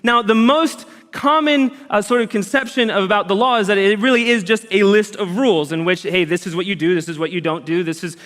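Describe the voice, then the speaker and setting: Pastor guy giving a sermon, kinda high voice, chatty and earnest, big echoey church hall. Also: fairly quick, hardly any pauses. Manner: earnest, conversational preaching with lively emphasis. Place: church auditorium. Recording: long hall reverb.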